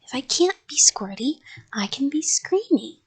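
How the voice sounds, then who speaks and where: A woman voicing a loud, bossy little kindergarten girl who shrieks with excitement. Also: a little slow, full character voice. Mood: excited. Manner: shrill, excited, screaming.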